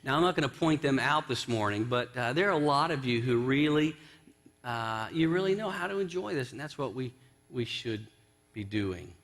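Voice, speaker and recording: A man's voice: medium pitch, lively intonation, moderate pace, a bit bright. A male pastor giving a conversational sermon in a church, telling a story and acting out its quotes. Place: church sanctuary.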